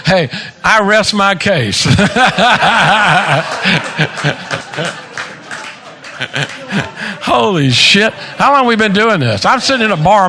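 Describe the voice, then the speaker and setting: A man's voice: high voice, bright, forceful tone, slight background noise. A man in his seventies giving a casual, joking birthday speech at a party into a handheld microphone, swearing freely and laughing at his own stories. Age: 70s. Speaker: birthday speaker. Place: party venue with guests.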